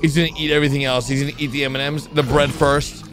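A man giving excitable reaction commentary to cartoons, exclaiming and shouting often. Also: fairly high pitch, fast. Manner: exclaiming, frequent shouts and laughs. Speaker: video reactor. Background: cartoon music and sound effects.

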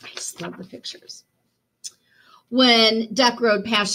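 A woman's voice: fairly high pitch, unhurried, bright, forceful tone. A woman teacher reading a picture book aloud to children, chatty and encouraging, asking her listeners questions.

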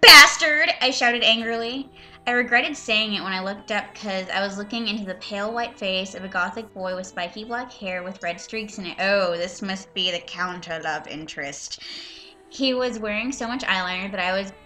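A woman's voice: medium pitch, normal speed, bright, forceful tone, faint music behind. A young woman reading a bad story aloud for laughs, breaking off with sarcastic, mocking asides. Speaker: reader and commentator. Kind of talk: comedic reading with commentary.

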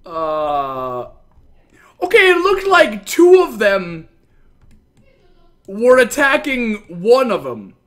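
A man streaming a game live, excitable and talking to his chat. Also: sits high, extremely slow, pauses often.

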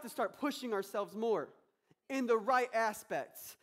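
A man's voice: sits high, normal speed, a little hiss or hum. A male pastor preaching a sermon with energy, acting out quotes and prayers.

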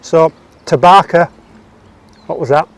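A man with a somewhat high voice chats outdoors, cracking playful jokes and laughing at them as he goes. His talk is casual and loose. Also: steady tone, normal speed, dry recording. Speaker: co-host of a walking podcast. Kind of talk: casual chat. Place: outdoors among palm trees.

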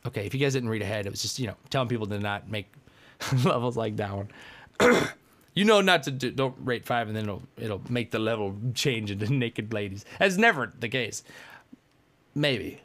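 A man giving excitable, frustrated commentary while playing a video game, yelping and ranting. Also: on the low side, moderate pace. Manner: excitable, frustrated, yelps and rants. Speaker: gamer. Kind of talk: gameplay commentary.

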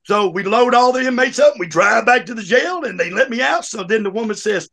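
Telling a jail story as a guest, a man swears freely and laughs while he talks, animated throughout this casual storytelling. His voice is gravelly and extremely high-pitched, and he speaks fairly quickly.

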